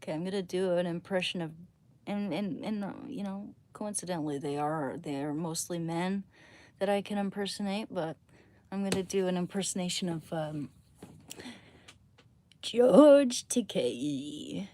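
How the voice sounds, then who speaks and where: A young adult woman chatting casually on a late-night livestream from home. She rambles playfully and often drops to a hushed voice so she won't wake her family, speaking into a phone. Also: on the low side, fairly even intonation, moderate pace.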